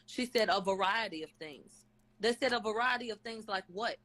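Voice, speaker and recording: A woman talking into her webcam on a live stream, recapping testimony in a loose, chatty way. She strings together "they said" and "she said" with fillers like "um", dropping in blunt side comments. Her voice sits at a middle pitch for a woman. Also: normal speed, fairly bright tone, rough recording. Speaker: channel host recapping a court hearing. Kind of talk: casual live-stream retelling. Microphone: webcam or phone on a live stream.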